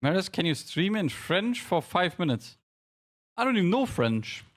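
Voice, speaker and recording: A man's voice: high-pitched, sing-song, moderate pace. A man streaming a game live, chatting casually with viewers, joking at his own expense while calling out instructions to his teammates. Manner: chatty, jokey, self-deprecating, directing teammates. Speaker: streamer leading a game team.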